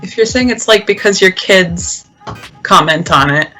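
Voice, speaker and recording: A woman's voice: medium pitch, measured pace, bright, forceful tone, soft background music. A woman teacher telling a funny classroom story in a chatty way, often laughing at herself. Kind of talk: casual game show chat.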